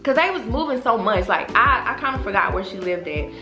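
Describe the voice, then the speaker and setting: A young woman vlogger telling a storytime in an animated, profane way, talking straight to her viewers. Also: on the high side, brisk. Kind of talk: casual storytime. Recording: roomy echo, faint background music.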